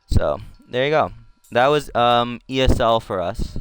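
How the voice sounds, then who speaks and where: A male streamer giving casual live commentary on replays, slangy and excitable, jumping to shouts at tense moments. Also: mid-range voice, normal speed, few pauses, clear, resonant tone, no echo. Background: music.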